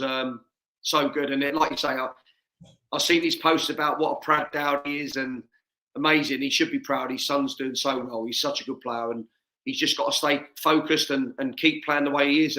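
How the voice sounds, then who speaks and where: A middle-aged English man with a Watford-area accent, chatting casually as a guest on a video call, full of matey banter. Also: medium pitch. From England. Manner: warm, laughs often, matey banter. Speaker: guest, former footballer. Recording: echoey room.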